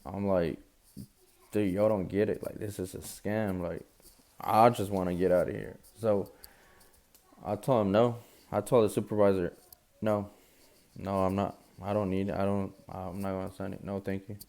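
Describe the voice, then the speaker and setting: A man's voice: low-pitched, level tone, normal speed, darkish tone. A young man casually retelling a personal story in a slangy, conversational way, acting out the quoted lines.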